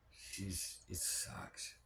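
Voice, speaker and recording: A man telling a personal diary vlog, rambling with many fillers, sometimes dropping to a near whisper and swearing when upset. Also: bright, forceful tone. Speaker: vlogger. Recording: echoey room with background noise.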